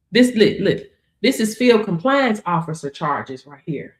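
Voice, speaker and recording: A woman's voice: mid-range voice, very animated, a little slow, reverberant. A woman coaching her audience in a sassy, emphatic, casual way, laughing often and calling listeners baby. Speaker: business coach. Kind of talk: casual motivational talk to camera.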